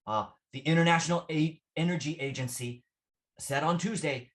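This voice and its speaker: A man's voice: a little high, normal speed, fairly bright tone. Patient man teaching vocabulary. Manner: patient, repeats phrases, asks "right?" often. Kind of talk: classroom vocabulary lesson.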